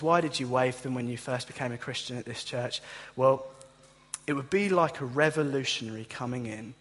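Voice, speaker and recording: With a medium-pitched, slightly bright voice, a man preaches a sermon in church with real passion, speaking right to the congregation. There's long reverb from the hall.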